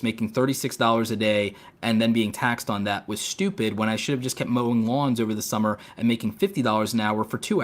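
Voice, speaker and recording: A man hosting a casual podcast chat, talking in long rambling runs full of fillers, with a sarcastic edge. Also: mid-range voice. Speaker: podcast host.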